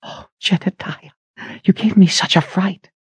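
A man reading an audiobook voices a young sorceress in hushed, urgent whispers, stern and protective toward her student. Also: on the low side, sing-song, a little fast, husky, no echo, voice pushed up. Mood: tender hush. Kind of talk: audiobook character voice.

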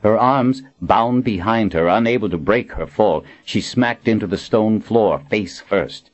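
A man narrating a dark fantasy audiobook with a dramatic, expressive reading. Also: on the low side, measured pace.

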